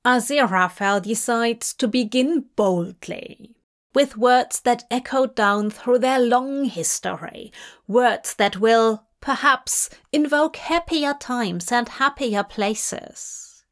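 A woman reading fanfiction aloud as an audiobook, in measured, gently expressive storytelling. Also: fairly high pitch. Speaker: fanfiction reader.

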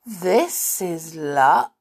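A woman voicing a male snowman in a storybook reading, in a soft, whispery, snowy voice. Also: lowish voice, animated, extremely slow, slightly rough, full character voice. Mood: pleased.

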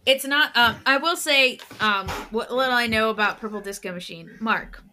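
A woman's voice: on the high side, moderate pace, bright, forceful tone, a little hiss or hum. A woman co-hosting a podcast in casual chat, talking in a chatty, rambling way full of fillers. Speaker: podcast co-host.

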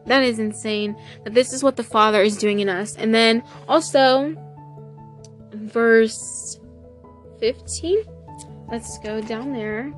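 Excitable woman hosting a devotional podcast. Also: fairly high pitch, takes it slowly, long pauses, soft background music. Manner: excitable, effusive, sprinkled with hallelujahs. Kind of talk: casual devotional podcast, reading scripture aloud.

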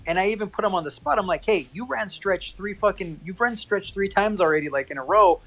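A man in casual chat, telling a story in a profane, animated way and acting out quoted lines. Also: high voice, brisk, poor audio.

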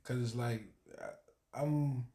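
A laid-back man talking casually as a podcast co-host, relaxed and quick to laugh. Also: medium pitch, echoey room. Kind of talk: casual chat.

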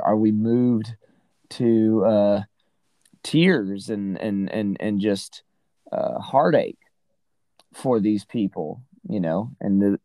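A man's voice: fairly low pitch, mellow, dry recording, poor audio. A man casually discussing a Bible passage as a podcast co-host, rambling with many "right?" and "you know" asides.

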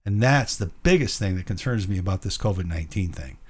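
A man's voice: deep voice, expressive, fast talker, darkish tone. A man co-hosting a Christian talk show, rambling through opinions and tagging points with rhetorical questions. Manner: rambling, rhetorical "right?" tags. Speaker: podcast co-host. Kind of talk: conversational Christian commentary.

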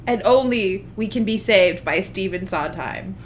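A woman's voice: medium pitch, unhurried, a little hiss or hum. A woman co-hosting a podcast, casually brainstorming rhymes, playfully tossing out one word after another. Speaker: podcast co-host.

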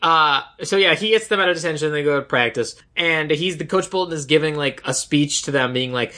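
A woman co-hosting a podcast, chatting casually through a movie recap and acting out quoted lines in animated bursts. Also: sits low, fairly quick, few pauses. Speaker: podcast co-host.

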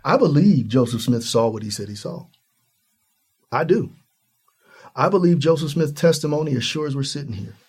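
A man's voice: normal speed, pauses often, husky. A man from Ohio in the US Midwest, a guest in a conversational interview, talking earnestly and acting out the people in his stories. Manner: earnest, animated storytelling, acts out high-pitched quoted voices.

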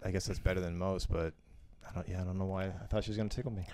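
A man's voice: low-pitched, fairly even intonation, racing, dark tone. A man guesting on a podcast in a studio, telling stories in a laid-back way and laughing as he goes. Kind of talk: casual chat.

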